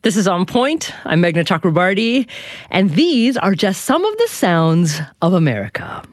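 A woman's voice: fairly low pitch, moderate pace, slight background noise. A woman hosting a radio talk show, reading a scripted introduction and then interviewing a guest in an articulate way. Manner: lively, articulate delivery. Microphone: studio microphone.

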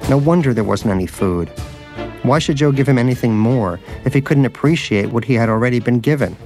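A man's voice: medium pitch, a little fast, a little mellow. A man reading a story aloud in scripted narration, with a dry, wry storyteller's manner. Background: music.

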